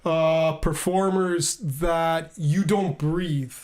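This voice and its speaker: A middle-aged man, a guest pianist, telling stories in a casual interview, animated and laughing, often repeating his words. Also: a little high, very slow.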